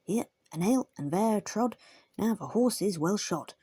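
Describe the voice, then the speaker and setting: Lady doing a chatty storybook terrier blacksmith, dark husky voice, dry sound. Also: on the low side, expressive, no room sound. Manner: brisk, chatty and merry.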